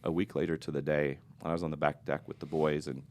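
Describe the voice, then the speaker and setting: A middle-aged man with an extremely deep voice and a rough, gravelly fry. He tells a personal story in a podcast interview, earnest and confessional, with a reflective tone. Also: level tone, fast, a little mellow.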